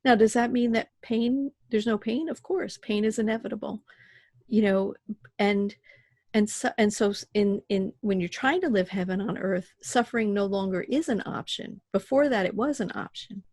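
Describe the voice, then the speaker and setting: A woman's voice: mid-range voice, normal speed, no room sound. A middle-aged woman, a podcast guest, talking casually and animatedly about spirituality and raising her children. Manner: animated storyteller who acts out voices.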